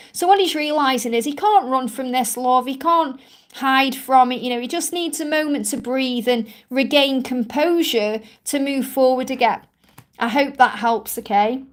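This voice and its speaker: A woman from England with a strong Stoke-on-Trent accent, chatting and reassuring viewers as a spiritual reader in a live stream Q&A. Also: sits high. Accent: Stoke-on-Trent English. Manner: chatty, reassuring, many "you know" fillers.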